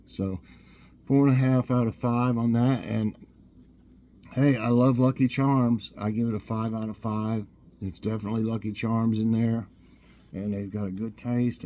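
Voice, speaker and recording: A man's voice: fairly low pitch, slight background noise. A man hosting a casual snack review show, chatting easily and eating as he talks. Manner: relaxed, chatty, eats while talking.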